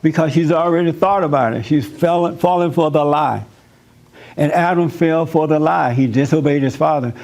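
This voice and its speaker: A male pastor delivers a loose, humorous sermon in a conversational tone and circles back over his points. His voice sits on the higher side for a man. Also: normal speed, darkish tone. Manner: conversational, joking, repeats himself.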